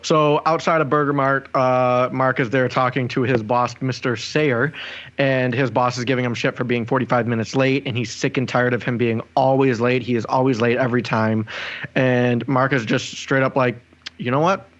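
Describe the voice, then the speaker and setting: A man's voice: medium pitch, level tone, normal speed, a bit bright, lo-fi sound. A man co-hosting a podcast, retelling scenes step by step in casual chat. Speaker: podcast co-host.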